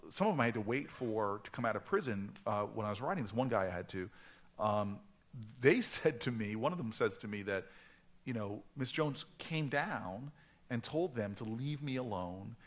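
A man in his forties from New Jersey tells stories at an author event, in a mid-range voice. He talks with animated energy and trips over his words in quick restarts. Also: medium pitch. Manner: animated storytelling with stammering restarts. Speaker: author guest.

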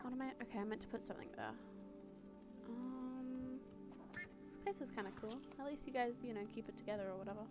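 Excitable high-voiced woman streaming a game. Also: fairly quick. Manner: excitable, swears freely, gasps and exclaims. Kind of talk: live gameplay commentary. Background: game music.

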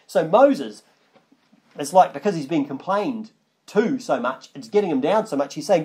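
A man's voice: a little high, lively intonation, fairly quick, dark tone. A man preaching a conversational sermon that wanders and restarts, reading long scripture passages aloud. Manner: conversational, rambling, with restarts and asides.

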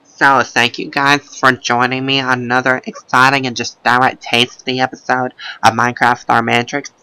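A man doing casual, rambling video game commentary in a gravelly, goofy put-on voice, breaking into silly sing-song chants. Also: mid-range voice, level tone, normal speed, sharp tone, no echo, low-quality recording. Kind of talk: casual let's-play commentary.

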